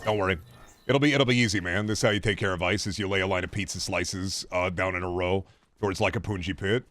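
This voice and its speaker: A man's voice: low voice, steady tone, fast, a bit bright. A young man streaming a game, riffing in a profane, sarcastic way in casual chatter.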